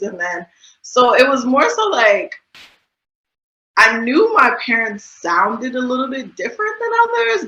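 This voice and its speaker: A woman's voice: mid-range voice, sing-song, a little slow, bright, forceful tone. A woman in her thirties from the USA, chatting casually as an interview guest with many fillers and easy laughs. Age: 30s. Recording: dull lo-fi sound, roomy echo.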